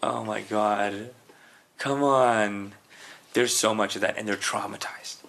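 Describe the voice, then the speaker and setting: A man's voice: on the low side, steady tone, slow pace, creaky, a bit bright. A man co-hosting a comedy podcast, rambling through stories in casual chat and calling people "dude" and "man". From Canada. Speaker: podcast co-host. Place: indoors, podcast recording.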